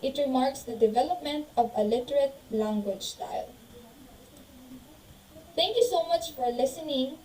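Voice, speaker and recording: Distant, dark-toned woman reading a class presentation. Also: high voice, animated, moderate pace, pauses often, slight background noise. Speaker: student presenter.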